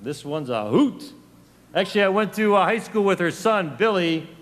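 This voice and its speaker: High, animated male emcee with a Long Island accent, joking, in a reverberant hall. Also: moderate pace. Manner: joking banter. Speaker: master of ceremonies. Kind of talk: emcee introducing acts. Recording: echoey hall.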